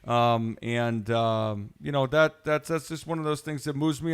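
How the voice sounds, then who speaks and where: A man's voice: medium pitch, level tone, measured pace, clear, resonant tone. Playful male podcast host, loose and rambling, everyday mid voice. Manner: rambling, playful, many fillers. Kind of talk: casual podcast talk.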